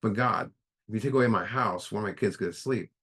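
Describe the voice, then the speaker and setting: A man's voice: on the low side, fast, fairly bright tone, breathy edge. A man voicing a desperate drunk who pleads with God in a parable. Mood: pleading.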